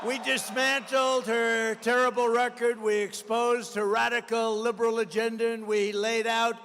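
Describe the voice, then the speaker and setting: A man giving a campaign rally speech, combative and repetitive, hammering slogans with bursts of shouting. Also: extremely high pitch, little pitch movement, moderate pace, background noise. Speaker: political candidate at a rally. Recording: long reverb of a large rally venue.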